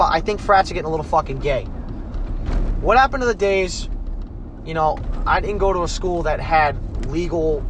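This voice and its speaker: A man's voice: on the high side, background noise. Profane young man ranting while driving. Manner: profane, blunt, rambling. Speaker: podcast host. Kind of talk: casual rant while driving. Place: in a car on the road.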